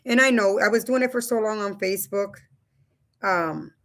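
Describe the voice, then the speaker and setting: A woman in her thirties or forties talks loosely to her live stream audience from home. Her voice is bright and forward at a middle pitch. She chats informally into a webcam and keeps calling her viewers "you guys.". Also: normal speed. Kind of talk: casual live stream talk. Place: home room.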